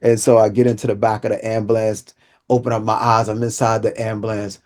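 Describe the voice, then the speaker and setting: A man's voice: lowish voice, little pitch movement, brisk, darkish tone. A man who is an inspirational speaker, telling his life story as a vivid testimony and acting out the dialogue. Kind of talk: personal testimony.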